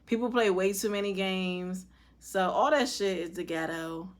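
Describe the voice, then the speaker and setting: A young woman vlogger answers viewer questions in a mid-range voice at a moderate pace. Her chat is casual, candid and profane, though it drops soft and quiet during tender moments.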